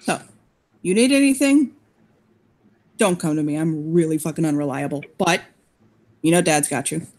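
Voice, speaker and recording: A man's voice: on the high side, normal speed, long pauses, darkish tone, voice pushed down, lightly acted. A player voicing a cheeky, flamboyant young male werewolf cousin with a put-on Russian accent and a playful, giggly manner.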